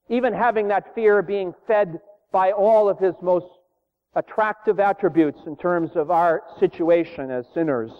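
Earnest preacher man, tinny and echoey. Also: high voice. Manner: earnest, reverent, measured with frequent "uh" pauses. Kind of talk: sermon. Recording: tinny phone-like sound in a reverberant hall.

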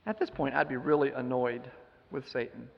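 A man's voice: mid-range voice, normal speed, vocal fry, long reverb tail, muffled recording. A man giving a sermon, retelling a scripture story with emphatic rhetorical questions. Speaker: preacher.

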